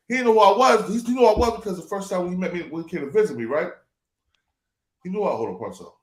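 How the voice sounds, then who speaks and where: A man's voice: high voice, echoey room. A man hosting a casual talk show, telling a long story and acting out the people in it. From New Jersey. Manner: animated, acts out quoted voices. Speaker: show host.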